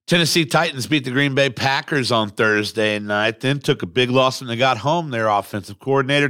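A man hosting a sports podcast, talking casually in a rambling, excitable way with some swearing, recorded at a microphone. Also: mid-range voice, normal speed, few pauses, no room sound, studio quality. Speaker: podcast host. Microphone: studio microphone.

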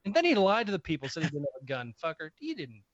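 A man's voice: fairly high pitch, wildly swooping pitch, quick pace, no echo. A man in his fifties, a podcast co-host, telling stories in a blunt, profane way. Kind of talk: casual chat, storytelling. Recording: slightly muffled podcast audio.

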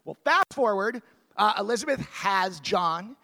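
A man giving a lively, jokey chapel talk to children, telling a story with quick asides. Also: high-pitched. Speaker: chapel speaker. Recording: long hall reverb.

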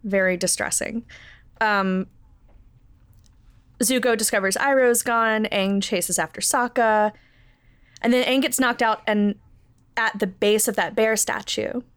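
A woman's voice: mid-range voice, steady tone, a little slow, pauses often, a bit bright, smooth, no echo. A woman co-hosting a podcast, chatting casually and animatedly with lots of fillers and laughter. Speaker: podcast co-host watching a show for the first time. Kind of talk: casual chat.

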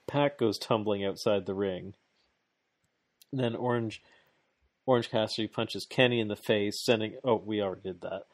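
A man with a lowish voice rattles through a play-by-play recap in casual chat. He sounds excited, laughs a lot and trips over his own restarts. The recording is dry and close, with no room sound. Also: moderate pace, long pauses, dry recording.

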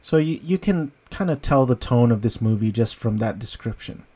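A man's voice: mid-range voice, lively intonation, moderate pace, mellow, breathy edge. Amused man rambling about a movie. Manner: rambling, amused, breaks into laughter. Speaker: film reviewer. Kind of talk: casual movie review.

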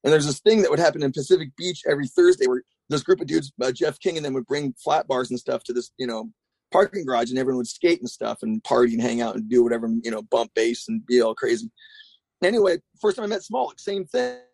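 A man's voice: medium pitch, animated, fast talker, vocal fry, darkish tone, dry recording. A man telling rambling, profane stories as a guest in a casual chat. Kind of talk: casual storytelling.

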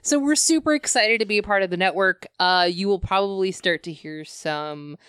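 A woman's voice: medium pitch, moderate pace, a bit bright, smooth, dry recording, clean studio sound. A woman co-hosting a podcast in casual, rambling chat, laughing often and poking fun at herself. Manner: giggly, rambling, self-mocking. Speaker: podcast co-host. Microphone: compact podcast mic.

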